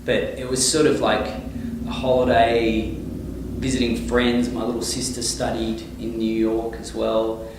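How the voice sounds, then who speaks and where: A man's voice: medium pitch, a little slow, vocal fry, noisy background. Rambling Australian man, echoey distant mic. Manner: relaxed, rambling, many fillers and restarts. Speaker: touring singer-songwriter, guest. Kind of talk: casual interview.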